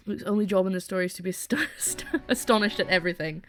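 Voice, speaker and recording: A woman's voice: on the low side, fast talker, hardly any pauses, music in the background. A young woman streamer giving casual, chatty commentary while playing a game, often giggling and cutting herself off mid-sentence. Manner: chatty, giggly, self-interrupting.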